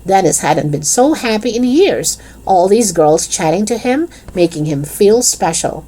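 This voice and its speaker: Woman, children's book reader, expressive, mellow, lively pitch. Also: measured pace. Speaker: storyteller. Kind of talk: children's chapter book read aloud.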